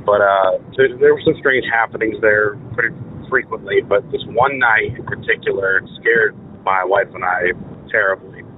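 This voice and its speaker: A young man calling in to tell a personal story, speaking earnestly and haltingly, with many fillers and restarts, over a phone line. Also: on the low side. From Maine. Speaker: caller. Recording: tinny phone line with faint noise.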